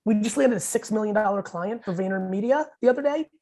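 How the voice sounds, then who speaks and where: A man in his forties, a podcast guest, telling stories in blunt, profane, rapid-fire talk. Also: sits high, dark tone. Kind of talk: casual podcast interview.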